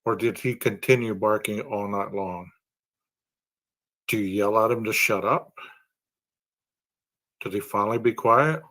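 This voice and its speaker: A man's voice: on the low side, a little slow, pauses often, fairly bright tone. A man hosting a true-crime podcast. He reasons aloud and poses long strings of rhetorical questions. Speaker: podcast host.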